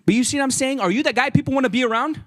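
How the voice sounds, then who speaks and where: A young man giving a lively, casual sermon, acting out voices and joking with the listeners. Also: extremely high pitch, racing. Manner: animated, acts out quoted voices, jokes with listeners. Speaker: youth speaker.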